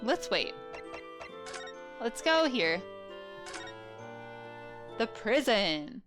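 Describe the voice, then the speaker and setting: Chatty woman doing game commentary, kinda high voice, blunt jokes, game music playing. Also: very animated, drawn-out words. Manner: chatty, blunt, joking asides. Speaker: let's play host. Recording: game music behind her voice.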